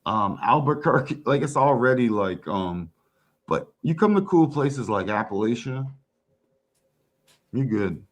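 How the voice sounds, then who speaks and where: A man guesting on a casual stream chat, talking in a slangy, laid-back way with drawn-out asides. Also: mid-range voice, animated.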